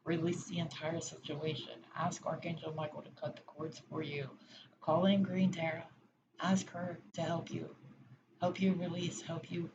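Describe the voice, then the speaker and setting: A woman giving a pick-a-pile oracle card reading, speaking in a gentle, reassuring way with frequent hesitations. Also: deep voice, little pitch movement, moderate pace. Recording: dull lo-fi sound with background noise.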